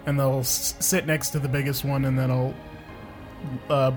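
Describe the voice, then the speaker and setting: A player in a tabletop game who states their character's moves tersely and deadpan. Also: mid-range voice, normal speed, music in the background. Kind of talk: tabletop role-play.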